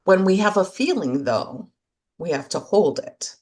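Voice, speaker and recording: A woman co-hosting a relationship podcast in gentle, reflective casual conversation, speaking in short thoughtful phrases. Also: lowish voice, very animated, unhurried. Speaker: podcast co-host.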